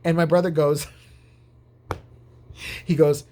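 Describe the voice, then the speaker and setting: A man's voice: a little high, little pitch movement, slow pace, warm tone. A man vlogging, telling a rambling, profane, jokey story in casual chat.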